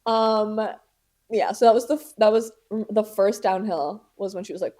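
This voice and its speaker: A woman's voice: medium pitch, moderate pace, mellow. A young woman hosting a podcast, telling a story in casual chat, dramatic and profane, laughing often. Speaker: podcast host.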